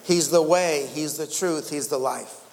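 Man, pastor, sermon, repeats himself, slightly high voice, long hall reverb. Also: measured pace, darkish tone. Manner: repeats words and restarts, calls out "amen" and "friends".

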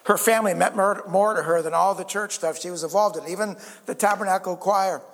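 A man's voice: high voice, fairly even intonation, fairly quick. A male pastor preaching a sermon in an earnest way, with stammered restarts and calls for an amen. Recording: reverberant church hall.

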